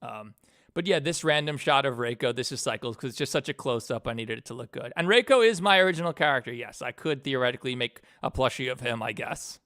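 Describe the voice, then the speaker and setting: A man talks casually into a desk mic while streaming from his home setup. His voice sits at an ordinary middle pitch. He rambles, stops to correct himself and drops the odd swear word. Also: expressive, fast talker, sharp tone. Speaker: animator streaming his work. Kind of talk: casual live-stream chat.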